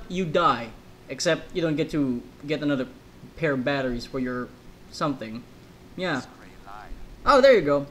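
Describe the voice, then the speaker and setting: A man chatting over his gameplay, rambling on with joking asides in a fairly high voice. A faint hiss of noise runs under the recording. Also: fairly bright tone, low-quality recording. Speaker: let's play host. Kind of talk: casual gameplay commentary.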